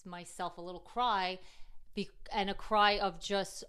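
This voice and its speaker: Middle-aged woman, lowish smooth voice, heartfelt storytelling, acts out quoted dialogue. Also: fairly even intonation, slow pace, pushed and bright. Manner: emotional retelling with quoted dialogue. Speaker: guest, mother of the host.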